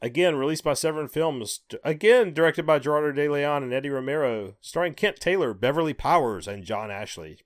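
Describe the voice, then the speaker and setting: A man's voice: on the high side, brisk, hardly any pauses, dry recording, clean studio sound. A man co-hosting a podcast, chatting casually and reading out release listings with offhand asides. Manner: relaxed, reads release lists with asides. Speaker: podcast co-host. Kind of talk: casual chat.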